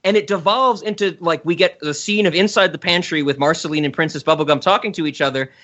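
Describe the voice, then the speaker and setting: A man's voice: a little high, fast, a bit bright. A man hosting a casual podcast, enthusiastically retelling a cartoon scene in a rambling way. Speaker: podcast host. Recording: dull lo-fi sound.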